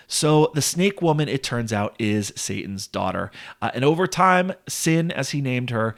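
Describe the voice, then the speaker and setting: A man talks through an old epic poem in a relaxed, conversational way, dropping in fillers as he goes. His pitch sits right in the middle for a man. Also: a little slow, gravelly, hardly any pauses. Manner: chatty, with frequent "uh" and "like". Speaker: literature explainer. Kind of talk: casual explanatory lesson.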